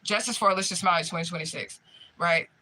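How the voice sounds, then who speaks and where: A young man telling a profane, animated story in casual chat, often laughing as he retells it. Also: high voice, fast, slight background noise. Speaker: spiritual medium livestream host.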